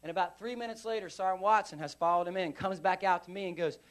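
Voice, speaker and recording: A veteran man giving a live storytelling speech at a conference, animated and acting out scenes with sound effects. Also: high voice, fast. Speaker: veteran speaker. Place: conference stage.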